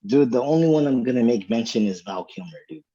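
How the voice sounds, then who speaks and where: A man's voice: mid-range voice, lively intonation, fast talker, dark tone, husky, muffled recording. A man co-hosting a podcast, telling a story in a laid-back way and saying "dude" a lot. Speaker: podcast co-host. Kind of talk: casual storytelling chat.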